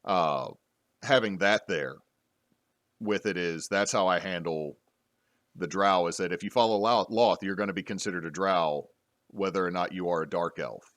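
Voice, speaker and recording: A man's voice: low-pitched, moderate pace, a bit bright, no room sound, clean studio sound. A man hosting a casual panel discussion about tabletop gaming, talking loosely with many restarts. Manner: rambling, frequent restarts and fillers. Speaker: podcast host and game master.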